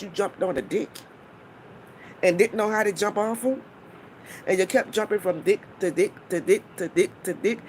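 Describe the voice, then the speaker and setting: A blunt, foul-mouthed woman ranting on her live stream, her pitch swinging widely as she mocks and scolds. She breaks off now and then to greet viewers in the chat, then goes straight back to her point. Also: a little hiss or hum. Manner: blunt, profane and mocking.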